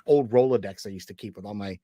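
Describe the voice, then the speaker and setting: A man's voice: on the low side, fast talker, no echo, studio quality. A man co-hosting a podcast, telling a personal story in casual chat and acting out the remembered dialogue as he goes. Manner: lively storyteller who acts out remembered dialogue. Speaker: podcast co-host.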